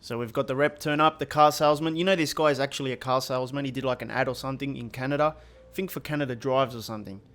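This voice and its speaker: A man's voice: mid-range voice, steady tone, fast talker, a bit bright. A man giving casual, joking commentary over a football video game. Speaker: gaming youtuber. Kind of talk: gameplay commentary.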